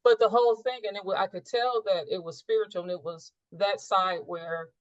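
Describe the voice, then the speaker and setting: A woman's voice: mid-range voice, fairly even intonation, fairly quick, no room sound. A woman sharing a personal spiritual experience in a coaching session, earnest and searching, often rephrasing mid-thought. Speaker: coaching client. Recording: dull, dry recording.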